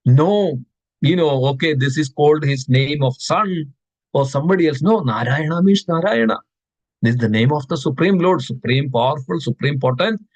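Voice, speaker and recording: A man's voice: fairly high pitch, moderate pace, dry recording, dull audio. A man giving a devotional scripture class, reciting verses and asking his listeners questions, often repeating words for stress. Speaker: class speaker.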